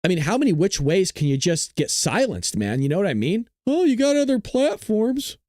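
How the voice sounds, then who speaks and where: A man's voice: high voice, very animated, normal speed, a little mellow, dry recording, studio quality. A male show host ranting to his live-stream viewers, frustrated and full of profanity, talking straight to his audience.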